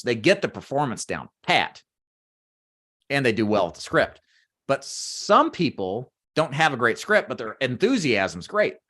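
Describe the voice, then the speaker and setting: A man in his thirties coaching sales agents, emphatic and animated, acting out sample phone pitches on camera. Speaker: sales trainer. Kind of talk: training talk to agents. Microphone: webcam or desk mic on camera.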